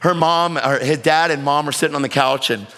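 A man preaching a storytelling sermon, animated and breaking into shouts when he exhorts. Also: a little high, fairly quick. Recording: reverberant hall.

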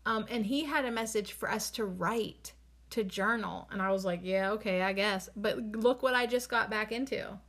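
A woman giving a casual spiritual talk to her viewers, speaking slowly and deliberately and repeating phrases three times. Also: fairly high pitch, a bit bright. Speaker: spiritual card reader.

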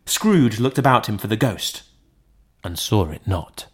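Male audiobook narrator, measured and dramatic; unhurried. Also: lowish voice, lively intonation, slightly rough. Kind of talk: classic novel narration.

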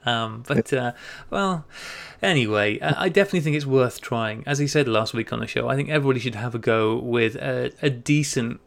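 An Englishman co-hosting a podcast in casual chat, reading out listener emails with easy laughs and quick asides. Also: medium pitch, vocal fry. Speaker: podcast co-host.

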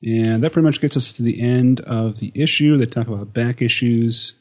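A man's voice: mid-range voice, normal speed, darkish tone. A man co-hosting a podcast in casual chat, making dry, wry remarks. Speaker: podcast co-host.

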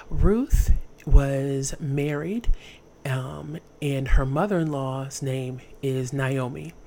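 A woman casually retelling a story for laughs, slangy and animated. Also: deep voice, creaky, a little hiss or hum. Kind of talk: comic storytelling.

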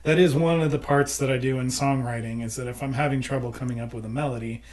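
A man's voice: mid-range voice, steady tone, fast, darkish tone. Man explaining songwriting, casual. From United States. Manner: explains with sung examples. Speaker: songwriter and producer. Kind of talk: casual conversation.

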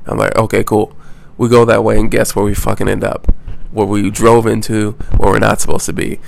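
Gravelly, rambling American man. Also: on the low side, flat delivery, a little fast. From United States. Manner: rambling, profane, full of restarts. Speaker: travel vlogger. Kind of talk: casual storytelling.

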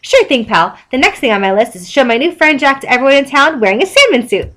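A woman voicing a cheerful, naive male sea sponge in a high, eager, sing-song way while reading fan fiction aloud. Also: very animated, fast talker, a bit bright. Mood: excited.

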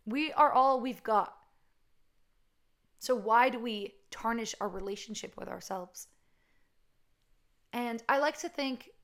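A young woman hosting her own podcast, talking casually and rambling with fillers and restarts. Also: mid-range voice. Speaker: podcast host. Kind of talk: casual solo podcast talk.

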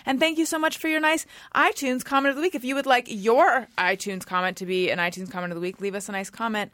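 A woman hosting a casual group podcast, chatty and quick to laugh, reading ads with a joking edge. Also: on the high side, steady tone, a bit bright, no room sound, clean studio sound. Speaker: podcast host.

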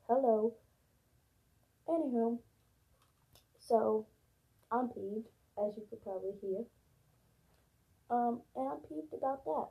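A young woman talks straight to her viewers in a blunt, profane rant, hammering points by repeating them. Her voice sits a bit high and comes out husky and strained. The audio is thin and phone-like. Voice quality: gravelly, husky. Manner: blunt, profane, emphatic repetition. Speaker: vlogger. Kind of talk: casual ranting monologue.

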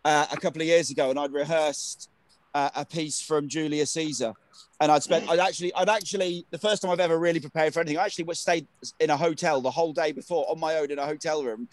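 A man's voice: on the high side, fairly even intonation, no echo. A man interviewing fellow actors on a podcast, chatty and joking, with lots of ums and restarts. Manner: jokey, fast, filler-heavy storytelling.

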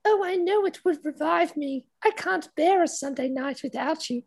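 Someone putting on a shrill posh English lady. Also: normal speed. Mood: flirty. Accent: put-on posh English.

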